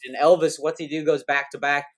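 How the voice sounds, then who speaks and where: A man's voice: a little high, level tone, a little fast. A man hosting a podcast in casual chat, rambling and slangy, with many fillers and restarts. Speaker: podcast host.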